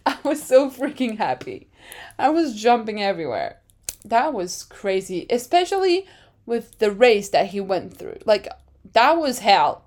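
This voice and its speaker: A woman's voice: a little high, a little mellow. A woman hosting a podcast with casual, dramatic chat. She often laughs at her own jokes. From France. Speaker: podcast host.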